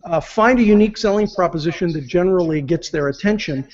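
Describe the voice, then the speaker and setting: A man's voice: sits high, quick pace, darkish tone. A man giving business advice as an interview guest, explaining step by step and acting out example phrases. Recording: muffled lo-fi audio.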